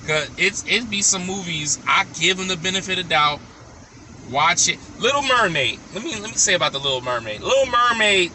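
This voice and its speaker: A man's voice: sits high, lively intonation, a little fast, pushed and bright, a little hiss or hum. A man vlogging casually to his viewers, giving blunt, opinionated verdicts and repeating them for emphasis. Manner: talks straight to viewers.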